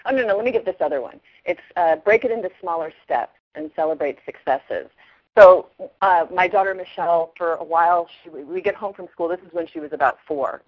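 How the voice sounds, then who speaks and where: A woman's voice: lowish voice, brisk, dry recording. Middle-aged woman telling parenting stories, lo-fi radio. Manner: animated storyteller acting out quotes. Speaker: parenting expert guest. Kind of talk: casual advice talk.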